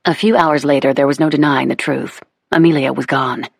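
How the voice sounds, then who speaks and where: A woman narrating a historical romance audiobook with measured, even storytelling into a close studio mic. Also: a bass voice, creaky, husky, dry recording. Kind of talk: scripted narration of a romance novel.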